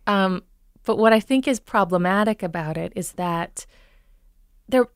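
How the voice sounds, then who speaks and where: A woman from Minnesota talks through accent coaching in a calm, explanatory way, pausing on thoughtful ums. Her voice is smooth and clear. The sound is dry and close. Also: mid-range voice, no echo. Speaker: dialect coach. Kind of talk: conversational interview.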